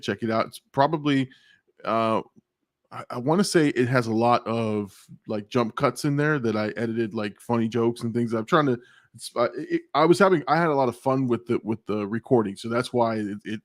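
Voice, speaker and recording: A man's voice: mid-range voice, no room sound, studio quality. A man hosting a live stream, chatting casually, laughing and swearing as he tells stories. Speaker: show host.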